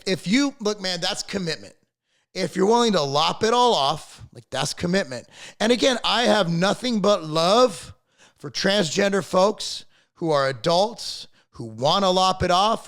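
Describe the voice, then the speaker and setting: A middle-aged man rants straight to camera on his own channel, and his voice sits notably high for a man. He talks bluntly and swears freely. He rambles and trips over repeated words as his thoughts pile up. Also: fairly bright tone. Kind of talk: casual opinion rant to camera.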